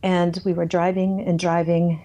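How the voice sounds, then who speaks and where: A woman's voice: fairly low pitch, little pitch movement, normal speed, dark tone. A woman in an interview telling her own life story with candor, plain-spoken and blunt, acting out her past thoughts as she goes. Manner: blunt, plain-spoken, self-censors swearing. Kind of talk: candid personal testimony.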